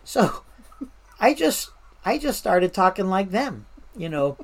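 A woman's voice: medium pitch, slow pace. Woman telling firefighting stories with restarts. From Washington State. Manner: animated anecdotes with fillers and restarts, mimics voices. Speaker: interview guest, firefighter. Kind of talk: casual storytelling.

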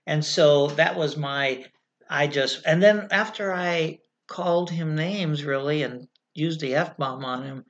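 A middle-aged woman from California recounts her years as a fire officer in a frank, animated way, swearing when she makes a point. The recording is slightly dull and lo-fi. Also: low voice, takes it slowly. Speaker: retired fire officer telling a story. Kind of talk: candid storytelling interview.

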